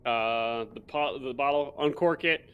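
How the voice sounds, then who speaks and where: A man's voice: mid-range voice, measured pace, clean tone, lo-fi sound. A man playing a tabletop game, rambling through his character's actions with many fillers. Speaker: player. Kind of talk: casual tabletop play.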